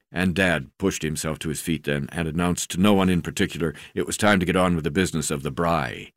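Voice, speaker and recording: Low-voiced man, reads his own memoir plainly, stumbles and fills pauses, dry close sound. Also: a bit bright, no room sound. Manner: unpolished reading with frequent uh fillers and restarts. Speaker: narrator reading his memoir. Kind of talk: reading a memoir aloud.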